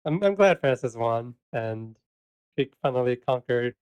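A man co-hosting a podcast, chatting casually, laughing often and filling pauses with "um" and "uh". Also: medium pitch, expressive, clear, resonant tone, dull audio. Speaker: podcast co-host.

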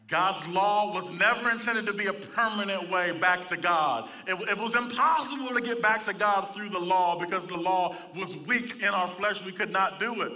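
A man's voice: sits high, moderate pace, hardly any pauses, sharp tone, recorded from a distance. A man preaching a sermon in church, reading scripture and calling for responses from the congregation. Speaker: pastor.

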